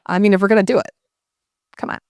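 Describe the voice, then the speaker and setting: A woman telling a story to a live audience in a casual, animated way, often slipping into voices for the people she quotes. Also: medium pitch, quick pace, vocal fry, dry recording, clean studio sound. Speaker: guest speaker.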